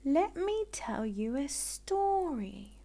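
A woman voicing a kind young girl in a storybook who tells a story in a gentle, reassuring way. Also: sits high, sing-song, slow pace, pitched above the performer's own voice, full character voice.

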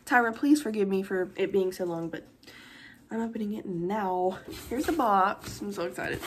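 A woman's voice: medium pitch, moderate pace, a little hiss or hum. A young woman, chatting through an unboxing vlog, gushing and close to tears. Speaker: vlogger.

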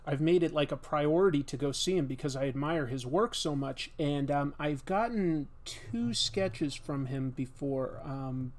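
Relaxed, rambling man streaming while drawing. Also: on the high side, measured pace, hardly any pauses. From Massachusetts, US. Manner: relaxed and rambling, with many fillers. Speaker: livestream host and artist. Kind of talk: casual chat while drawing.

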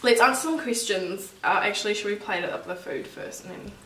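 A woman's voice: medium pitch, a little fast. A young woman, chatting casually as a vlogger, giggly and talking over her friend. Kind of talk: casual chat. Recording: echoey, distant, noisy.

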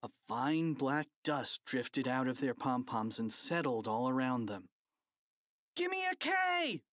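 A narrator reading a children's audiobook with an animated, playful delivery. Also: mid-range voice, measured pace, no room sound, clean studio sound.

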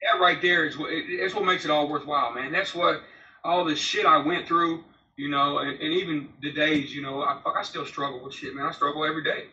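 A man's voice: fairly high pitch, fairly even intonation, a little fast, sharp tone, a little hiss or hum. A man in his forties, a former prisoner, telling his story in a blunt, profane, rambling way in a candid interview. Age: 40s. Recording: roomy, distant, slightly dull remote audio.

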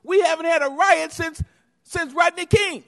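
A woman's voice: extremely high pitch, normal speed. A woman giving a heated, accusatory public comment at a council meeting and talking over interruptions. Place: council chamber. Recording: reverberant hall.

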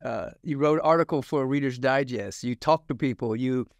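A man's voice: mid-range voice, normal speed, no echo. Male podcast host, methodical recap, dry close mic. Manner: sums up the guest's points in numbered steps. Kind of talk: conversational interview.

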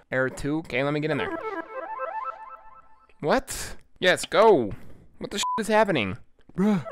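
A man giving casual, profane gameplay commentary as a YouTube host, excitable and easily spooked. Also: a little high.

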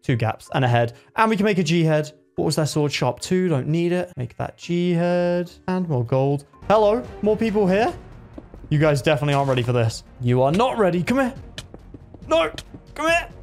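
A young man giving excited live commentary on a game he is playing. He talks to himself, yelps at close calls and laughs at his own plays. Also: on the high side, normal speed, faint music behind. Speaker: gaming video creator.

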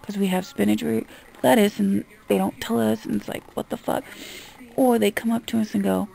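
A woman's voice: mid-range voice, fairly even intonation, fairly quick, vocal fry, dark tone. A woman vlogger in a casual, exasperated rant, talking bluntly and swearing freely. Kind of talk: casual ranting monologue.

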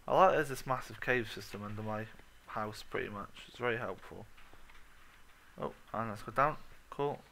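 A man's voice: lowish voice, normal speed, creaky, a bit bright, slight background noise. A young man giving a let's play commentary, muttering, humming and swearing freely to himself as he plays. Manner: swears often, mutters and hums to himself while playing. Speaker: gaming commentator.

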